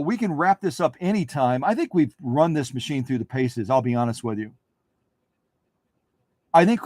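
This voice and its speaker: A man hosts a sewing machine demo in a casual, folksy way, often saying things twice. His voice sits on the higher side. The sound is close and dry. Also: no echo. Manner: chatty, folksy, repeats phrases. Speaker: sewing machine restorer hosting a live stream. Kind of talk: casual demonstration talk.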